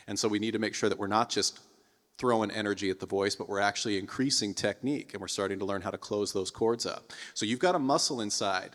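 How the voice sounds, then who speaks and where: A man's voice: on the low side, a bit bright, in a large hall. A man teaching a singing lesson as a vocal coach, encouraging students and demonstrating sung exercises. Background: piano.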